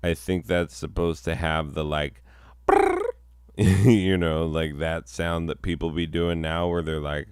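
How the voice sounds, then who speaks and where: A man's voice: low voice, sing-song, slow pace, smooth, dry recording, studio quality. A man performing a solo comedy sketch, rambling and self-mocking, breaking into mock-outraged bursts.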